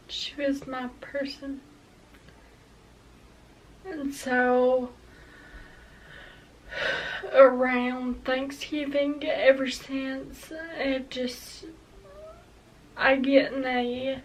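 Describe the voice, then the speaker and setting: A woman's voice: high voice, monotone, extremely slow, long pauses, distant mic, poor audio. A young woman in her early twenties talking hesitantly and emotionally in a personal confessional vlog. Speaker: vlogger.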